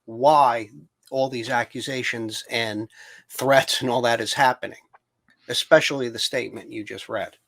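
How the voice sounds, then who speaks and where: A man co-hosting a discussion, calmly pointing out an irony in what was just read. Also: medium pitch, measured pace, gravelly. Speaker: podcast co-host. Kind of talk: casual discussion.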